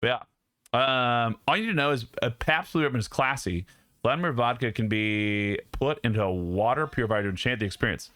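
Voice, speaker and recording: A man's voice: medium pitch, a little fast, fairly bright tone, no echo, clean studio sound. A young man streaming live, chatting casually with his viewers and joking and laughing a lot.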